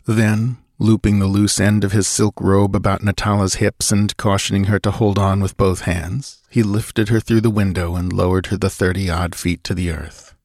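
A man reading an adventure story aloud in a steady, measured narration. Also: deep voice, no room sound, clean studio sound. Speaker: audiobook narrator. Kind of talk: scripted narration.

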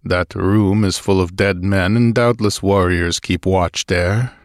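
A man voicing a wounded barbarian warrior who speaks bluntly and gruffly. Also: deep voice, steady tone, unhurried, no room sound, clean studio sound. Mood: grim.

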